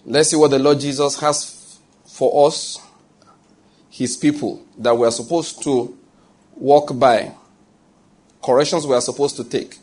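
A man with a mid-pitched voice preaches a sermon. He reads scripture aloud at an unhurried pace. He often stops to ask his listeners whether they follow him. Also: steady tone, darkish tone, husky.

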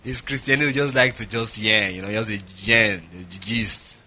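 A man's voice: on the low side, moderate pace, pushed and bright. A Nigerian man preaching a sermon as pastor, telling humorous stories and acting out conversations. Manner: humorous storytelling, acts out dialogue, laughs often.

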